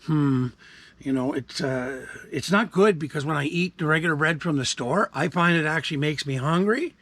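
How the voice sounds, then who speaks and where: A man's voice: a little high, normal speed, a bit bright, dry recording. A man, rambling casually to camera in a laid-back vlog chat. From Canada. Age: 60s. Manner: rambling, laid-back, frequent fillers and asides. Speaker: vlogger.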